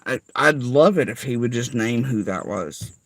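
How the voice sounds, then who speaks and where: A man's voice: mid-range voice, expressive, moderate pace, dry recording, low-quality recording. A man delivering an angry, profane, sarcastic rant straight to someone he calls out. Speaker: vlogger. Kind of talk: angry ranting monologue.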